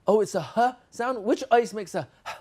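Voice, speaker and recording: A man's voice: high-pitched, normal speed, darkish tone. A man giving a teacher training session, playfully acting out classroom exchanges with children.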